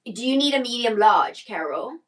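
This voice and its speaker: A woman's voice: fairly high pitch, animated, moderate pace, fairly bright tone, poor audio. Chatty woman stylist on a live stream. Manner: chatty, answers viewer comments, trails off and restarts mid-sentence. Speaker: personal stylist hosting a live shopping stream. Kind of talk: casual live-stream chat with viewers.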